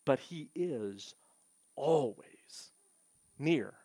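A man's voice: expressive, warm tone, husky, no echo. Earnest preaching man, dry sound. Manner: earnest preaching, rising in pitch when quoting scripture; slows down to stress key points. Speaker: pastor. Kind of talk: sermon.

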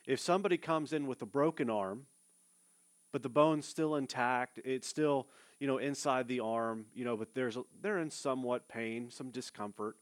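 Man, pastor, sermon, conversational, direct address, mid-range voice. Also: mid-range voice. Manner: conversational preaching with fillers, addresses listeners directly.

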